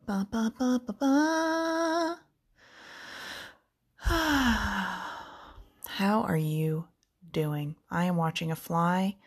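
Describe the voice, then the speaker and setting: A woman's voice: fairly low pitch, creaky, a little mellow. A young woman hosting a casual solo podcast from her kitchen, candid and rambling, laughing often and saying "like" a lot. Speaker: podcast host. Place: home kitchen.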